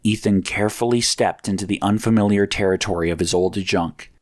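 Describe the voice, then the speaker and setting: Man narrating a story in a low voice. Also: fairly even intonation, fairly quick, darkish tone. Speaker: audiobook narrator.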